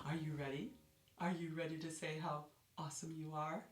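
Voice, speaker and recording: A woman's voice: low-pitched, moderate pace. A woman teaching a ballet class for young children, counting beats and cheering them on with lots of gasps. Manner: animated, gasping, cheerful counting for small children. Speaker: kids' dance teacher. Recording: roomy echo, distant mic, faint music.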